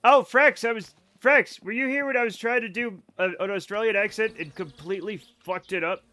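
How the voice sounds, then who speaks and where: A man streaming a game live, chatting casually to his viewers in a rambling, self-mocking way with sudden excited outbursts. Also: high-pitched, fairly quick. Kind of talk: casual gameplay commentary to chat.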